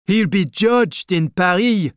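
Stern male revolutionary officials bark orders and accusations, as a male narrator voices them in a storybook reading. The voice is raised, higher, and hard-edged, and it stays dry and close to the mic. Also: lively intonation, unhurried, clean tone, no echo. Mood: commanding. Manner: harsh, loud, commanding delivery.

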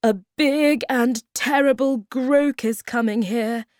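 A woman voicing a kind, clever male creature who explains things calmly. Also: mid-range voice, takes it slowly, no room sound, voice pushed up. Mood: kindly. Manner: calm, kindly explaining.

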